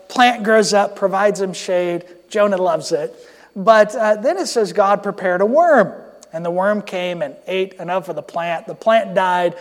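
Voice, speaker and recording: A man preaching a sermon, earnest and conversational, with quick asides. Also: high voice, in a large hall. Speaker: pastor.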